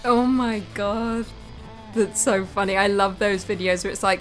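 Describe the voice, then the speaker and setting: A woman's voice: medium pitch, steady tone, unhurried, faint music behind. A woman hosting a reaction video, commenting casually on clips in an amused, blunt, chatty way.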